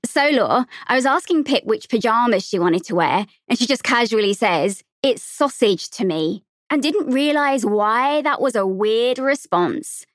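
Woman doing a cheeky teen girl, bouncy and teasing, a bit higher. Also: lively intonation, a little slow, hardly any pauses, no echo, clean studio sound. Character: bold, teasing teenage girl.

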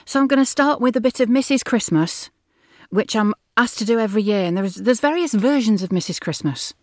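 A woman's voice: a little high, fairly quick, darkish tone, no room sound, studio quality. A woman voice actor chatting through a demo of character voices, laughing now and then.

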